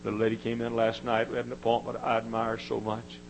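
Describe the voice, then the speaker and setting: A male preacher with a gravelly, creaky voice delivers a sermon with emphatic repetition. He drops to a hush, then climbs to shouting. A faint hum sits under the recording. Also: medium pitch, monotone, a little fast. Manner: dramatic swings from hushed to shouting.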